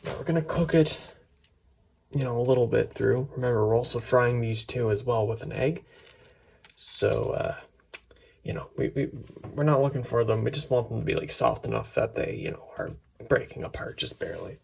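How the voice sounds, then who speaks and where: A man's voice: mid-range voice, normal speed, gravelly, a little mellow, slight background noise. A man hosting a casual cooking video in his home kitchen, rambling, correcting himself often and sometimes dropping to a whisper. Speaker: cooking channel host. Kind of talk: casual cooking ASMR chat.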